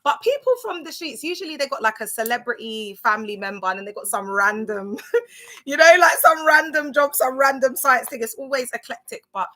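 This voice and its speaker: Bright-voiced chatty woman. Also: sits high, animated, fairly quick. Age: 30s. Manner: chatty and rambling, full of fillers, talks straight to viewers. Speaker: livestream host. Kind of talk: casual livestream chat. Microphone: phone camera on a social media livestream.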